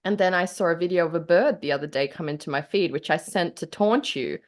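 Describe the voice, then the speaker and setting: A woman's voice: on the low side, fast. An Australian woman co-hosting a podcast in casual, playful chat, laughing often. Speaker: podcast co-host.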